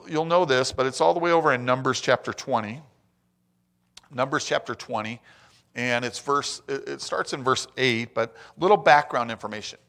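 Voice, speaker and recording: A middle-aged man preaching a sermon in church, reading scripture and turning to the congregation with lively asides. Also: medium pitch. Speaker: pastor.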